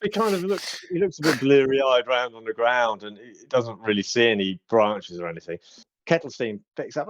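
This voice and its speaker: A man narrates as game master, unhurried and hesitant, filling gaps with ums. His mid-range voice sounds dry and a bit muffled. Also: medium pitch, no echo. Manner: relaxed, hesitant, with many fillers.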